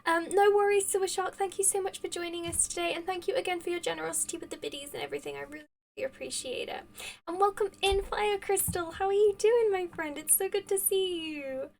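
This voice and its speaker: A woman's voice: very high-pitched, fast, far from the mic, poor audio. A woman live-streaming a game, chatting casually with viewers and thanking them effusively, rambling with many restarts. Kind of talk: casual chat with live viewers while gaming.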